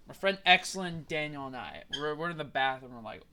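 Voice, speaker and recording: A young man with a bright, ringing voice that sits a little high, chatting casually on a podcast. He tells long, rambling stories, swears freely and laughs often. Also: lively intonation, brisk, smooth. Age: young adult. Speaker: podcast host. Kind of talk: casual chat.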